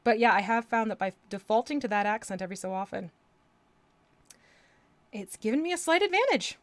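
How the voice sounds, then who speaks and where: A woman's voice: medium pitch, expressive, a little fast, no echo. A woman chatting casually on a live stream as she paints miniatures, laughing often and playing with voices.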